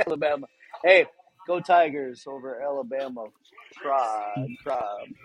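A man's voice: medium pitch, takes it slowly, low-quality recording. A man who is the guest, a fan club chapter president, chatting in a laid-back, easygoing way. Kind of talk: casual chat.

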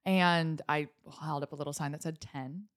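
A woman's voice: low-pitched, normal speed. A young woman from the States co-hosting a podcast, trading teasing jokes and dry asides in a casual chat. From United States. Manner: playful, deadpan jokes, teasing. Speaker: podcast co-host.

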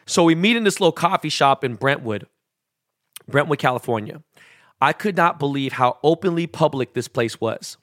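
A man, a jeweler and interview guest, telling stories in a slangy, animated way full of quoted dialogue. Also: mid-range voice, moderate pace, dry recording, clean studio sound. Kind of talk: casual storytelling interview.

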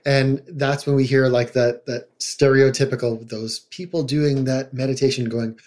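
A man's voice: medium pitch, little pitch movement, moderate pace, a little mellow. A middle-aged man, a psychologist guest on a podcast, talking casually and now and then acting out quoted voices. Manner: conversational, acts out quoted voices.

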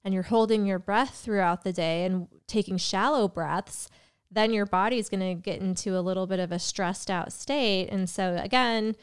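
A young woman talks through her astrology podcast in a loose, rambling way, full of little asides. Her voice is very smooth and clear, with a slight cough behind it. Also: mid-range voice, normal speed. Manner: chatty, rambling, with fillers and self-interruptions. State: has a cough. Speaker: podcast host and tarot reader. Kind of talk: casual solo podcast monologue.

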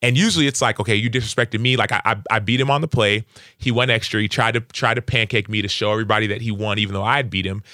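A young adult man, a football player, telling earnest, animated stories as a podcast guest. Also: on the low side, very fast, no room sound, studio quality. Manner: earnest, animated, lively acted-out quotes. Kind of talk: conversational interview storytelling.

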